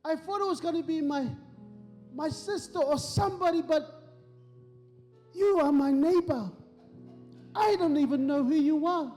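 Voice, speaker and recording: Preacher acting out a prisoner moved to tears, raised pitch, echoey church hall with faint music. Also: male voice, a little slow, pauses often, a little mellow. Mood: grateful. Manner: tearful thanks, repeating himself. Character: overwhelmed grateful man in prison.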